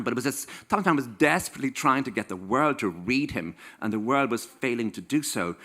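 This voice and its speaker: Irish man, 60s, author at a live talk; wry comic storyteller with a bright, forceful voice. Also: medium pitch. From Ireland. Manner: wry, playful, acts out quoted voices. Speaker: author giving a stage talk. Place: stage in a small venue.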